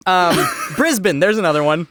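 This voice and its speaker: A man's voice: high-pitched, expressive, moderate pace, a bit bright, dry recording, clean studio sound. A man co-hosting a casual comedy podcast, joking around and laughing often. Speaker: podcast co-host.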